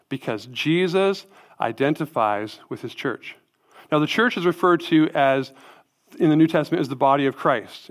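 A man preaching a sermon as pastor, emphatic, asking rhetorical questions and tagging lines with "right?". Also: fairly high pitch.

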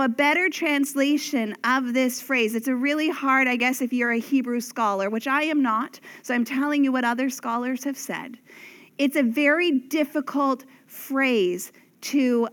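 Female preacher, high pitch, unhurried dramatic delivery with whispered emphasis. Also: a bit bright. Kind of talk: sermon.

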